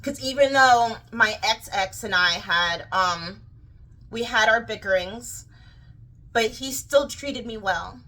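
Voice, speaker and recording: A young woman with a childlike, girlish way of talking, ranting casually to camera in a rambling, animated way full of fillers and restarts. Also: on the high side, slow, poor audio. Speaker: vlogger.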